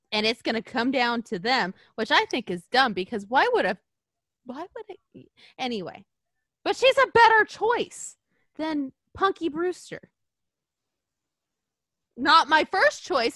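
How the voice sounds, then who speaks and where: A woman co-hosting a podcast in casual chat, animated and profane, with frequent laughing asides. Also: high-pitched, unhurried, no echo, clean studio sound. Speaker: podcast co-host.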